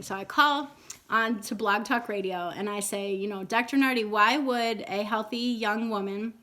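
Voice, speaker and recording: A woman's voice: medium pitch, sharp tone. A woman in her thirties telling a personal story in a casual, rambling way, with many fillers and restarts. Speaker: vlogger.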